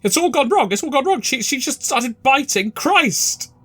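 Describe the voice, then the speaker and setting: A man voicing a distraught male cultist, speaking high and fretfully. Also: lively intonation, moderate pace, fairly bright tone, exaggerated voice. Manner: shrill, fretful.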